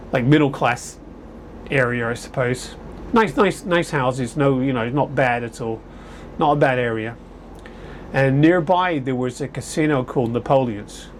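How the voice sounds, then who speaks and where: A man's voice: medium pitch, a little hiss or hum. A man vlogging casually to camera, chatty and rambling with frequent self-corrections, at home indoors. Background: air conditioner humming.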